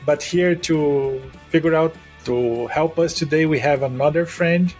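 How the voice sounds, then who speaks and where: Boss co-host, man, higher voice, joking and relaxed. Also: a little slow, faint music behind. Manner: jokey, relaxed banter. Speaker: podcast co-host, company boss. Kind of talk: casual podcast chat.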